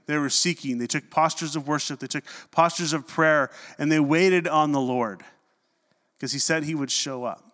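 Animated male pastor in a reverberant hall. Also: a little high. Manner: conversational, animated preaching with humorous asides. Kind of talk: sermon.

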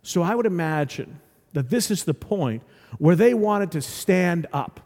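A pastor giving a lively, conversational sermon, acting out scenes as he goes. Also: high-pitched, measured pace, long reverb tail.

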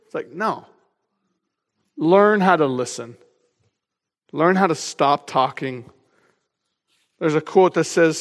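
A man preaching a sermon as pastor, energetic and humorous in a conversational way. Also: on the high side, slow pace, pauses often. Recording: long hall reverb.

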